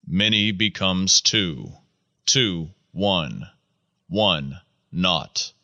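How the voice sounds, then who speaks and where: A man narrating an audiobook in a measured, solemn recitation. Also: sits low, lively intonation, pushed and bright, no echo, highs cut off.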